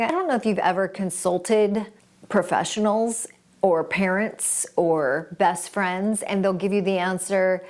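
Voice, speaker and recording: A woman's voice: lowish voice, darkish tone. A woman hosting a self-help video, speaking directly to the viewer in an earnest, reflective and encouraging way. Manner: addresses the viewer directly with pauses and restarts. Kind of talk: motivational self-help talk.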